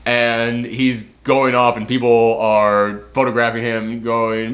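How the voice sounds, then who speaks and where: Man, casual film review chat, rambling, lots of likes and ums, mid pitch. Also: level tone, slow pace, fairly bright tone, a little hiss or hum. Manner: chatty, rambling with many fillers.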